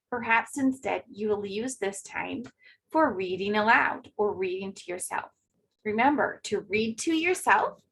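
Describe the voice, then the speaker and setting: A woman teacher giving a remote phonics lesson to second graders, speaking clearly and encouragingly to young children. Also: on the high side, a bit bright, low-quality recording.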